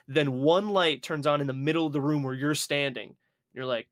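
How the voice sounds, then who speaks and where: A man's voice: medium pitch, brisk, dry recording, clean studio sound. A young man co-hosting a podcast, telling stories with lots of swearing and acting out his own reactions. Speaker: podcast co-host. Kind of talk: casual chat.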